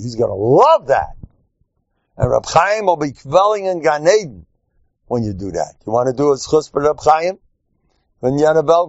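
Rabbi, male, lively and teasing in his Torah class; a dry, dull lo-fi recording. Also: moderate pace, long pauses, no room sound. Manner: animated, joking, acts out quotes in squeaky voices. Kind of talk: humorous Torah lecture.

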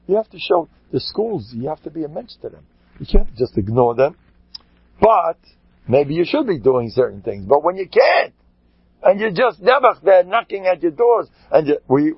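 A man, a rabbi, giving a lively storytelling Torah talk, acting out quotes and sprinkling in Yiddish and Hebrew words. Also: fairly high pitch, normal speed, slightly rough, dry recording. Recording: dull lo-fi recording.

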